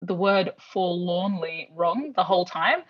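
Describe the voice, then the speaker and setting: A woman guest author talking in a relaxed, sweary, laughing way. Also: on the low side, unhurried. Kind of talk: casual chat. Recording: slightly dull lo-fi audio.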